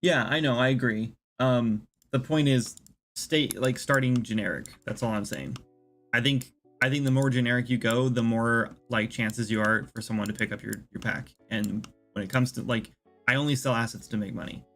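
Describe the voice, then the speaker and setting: A man with a gravelly, fry-laden voice at a middle pitch talks his way through ideas on a casual livestream. He rambles and circles back, packing his sentences with fillers. Soft music plays faintly underneath him. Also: steady tone, normal speed. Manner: rambling, filler-heavy, thinks aloud. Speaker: indie game developer streaming.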